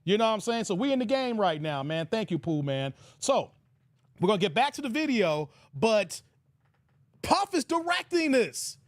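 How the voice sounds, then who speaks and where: Animated high-voiced male commentary host. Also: normal speed, no room sound, studio quality. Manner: animated, joking, laughs often. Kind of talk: casual reaction commentary.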